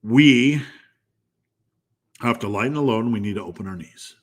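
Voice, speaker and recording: Brief: male strength coach, mid-pitched, blunt and profane, emphatic repetition, live Q&A. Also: normal speed.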